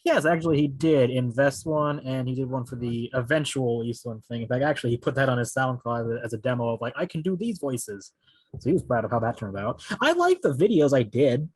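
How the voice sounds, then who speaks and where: A man co-hosting a podcast talks quickly and bluntly in casual chat. His voice is husky and the sound is dry and close. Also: medium pitch, animated, dry recording, low-quality recording. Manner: fast, candid, blunt. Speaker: podcast co-host.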